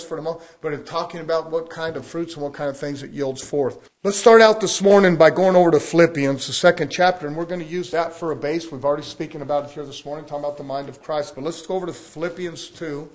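A man's voice: fairly high pitch, quick pace, hardly any pauses. A man preaching a sermon, folksy and emphatic, acting out quotes along the way.

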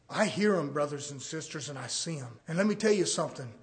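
A man preaching a sermon in a folksy way, swinging from hushed asides to loud, fervent surges. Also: a little high, animated, fast talker, breathy edge. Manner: folksy, uses "ain't".

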